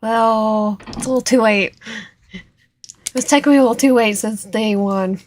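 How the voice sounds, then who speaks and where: A woman streaming a visual novel, reading its narration and dialogue aloud with lively reactions, now and then dropping to a whisper. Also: fairly high pitch, moderate pace, slight background noise. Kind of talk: reading game text aloud while playing.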